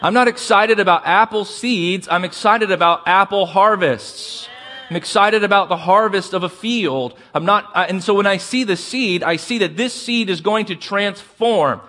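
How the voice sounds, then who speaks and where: A man preaching a sermon as pastor, asking the congregation for responses and slowing down to stress key words. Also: sits high, bright, forceful tone.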